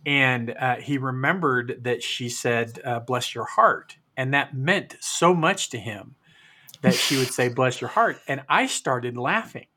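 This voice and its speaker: A man co-host tells a rambling story in a bright, forceful voice. He restarts his sentences often and keeps a casual tone. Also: mid-range voice, unhurried, slight background noise. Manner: rambling anecdote, many restarts. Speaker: podcast co-host.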